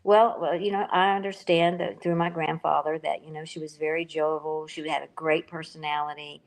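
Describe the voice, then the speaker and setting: An older woman, an author in a casual interview, speaks in a low voice with little pitch movement and a slightly fast pace. She rambles emotionally and corrects herself as she goes.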